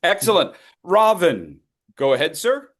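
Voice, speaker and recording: A man's voice: high-pitched, very animated, unhurried, a bit bright. A man coaching speakers in an online voice workshop, upbeat and leading repeat-after-me drills. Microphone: video call.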